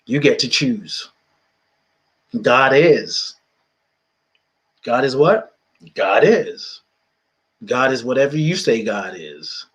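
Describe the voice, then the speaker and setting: A man's voice: medium pitch, expressive, slow pace, pauses often, fairly bright tone. A man from the United Kingdom hosting a podcast, talking reflectively about spirituality, repeating phrases and chuckling often. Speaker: podcast host.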